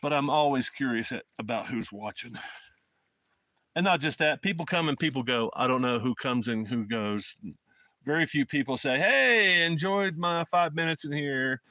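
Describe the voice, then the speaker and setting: A man's voice: medium pitch, moderate pace, a bit bright, no room sound. A man from Alabama with a Southern accent, rambling in a folksy way as he chats with viewers on an outdoor live stream from a phone in the mountains. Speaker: motorcycle travel vlogger. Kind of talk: casual live-stream chat.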